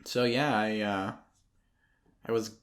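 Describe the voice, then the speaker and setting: A man's voice: fairly low pitch, steady tone, takes it slowly. A young man telling a long personal story in casual, rambling podcast talk, full of ums and likes, mimicking people who nagged him. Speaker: podcast guest, photographer.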